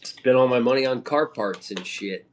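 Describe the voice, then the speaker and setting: A man's voice: mid-range voice, moderate pace, slight background noise. A man from the Midwest chatting casually on a live stream, rambling with loose slang and casual swearing. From American Midwest.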